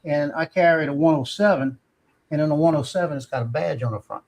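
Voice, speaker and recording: A man's voice: a little high, quick pace, darkish tone. A man, a guest drone pilot telling a long casual story and repeating himself. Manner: rambling, acts out voices, repeats himself. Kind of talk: casual storytelling on a live stream.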